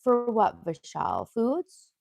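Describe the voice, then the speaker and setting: Chatty livestreaming woman with a gravelly voice. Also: fairly high pitch, huge pitch swings, slow pace, darkish tone, no echo. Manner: chatty, rambling, reads and answers chat. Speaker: livestream host. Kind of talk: casual livestream chat.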